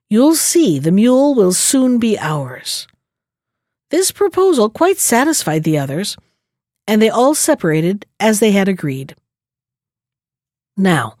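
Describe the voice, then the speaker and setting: A woman narrating a fairy tale in an expressive read-aloud style. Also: mid-range voice, dry recording, clean studio sound. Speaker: storyteller. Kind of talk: storybook narration.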